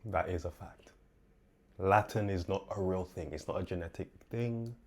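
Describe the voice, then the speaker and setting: A man's voice: deep voice, moderate pace. A man from England hosting a reaction show, giving casual, thoughtful commentary with hesitant restarts.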